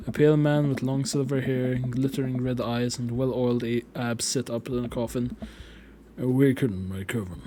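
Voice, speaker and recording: Young guy streamer reading game text out loud, swears a lot, mid pitch, faint hiss. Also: completely flat delivery, moderate pace, hardly any pauses. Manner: casual and profane, chatting between read lines.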